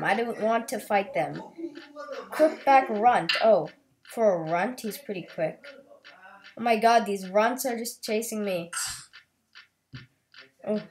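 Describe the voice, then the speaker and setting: A woman hosting a let's play, giving excitable, chatty and playful gameplay commentary. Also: mid-range voice. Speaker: gaming video host.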